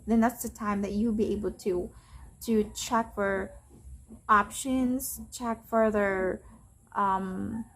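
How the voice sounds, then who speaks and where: Slow-talking call center agent woman. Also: on the high side, slight background noise. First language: not English. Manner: explains patiently, repeating phrases and restarting. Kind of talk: casual tutorial.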